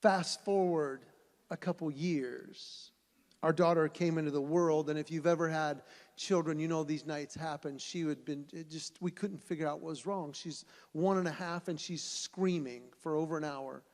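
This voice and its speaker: Male event speaker, lively storyteller, reverberant hall. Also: fairly high pitch, moderate pace. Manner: animated storyteller who acts out voices. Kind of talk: storytelling speech to an audience.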